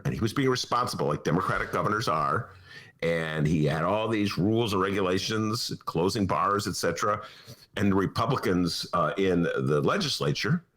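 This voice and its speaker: A man hosting a talk podcast, chatting casually and joking, often slipping into voices. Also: low-pitched. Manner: animated, jokey, slips into voices and impressions. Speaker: podcast host. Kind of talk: casual talk-show banter.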